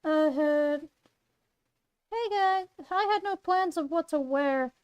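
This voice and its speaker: A woman's voice: high voice, slow, a little mellow, muffled recording. A woman voicing a casual teen girl who speaks in an offhand, hesitant way.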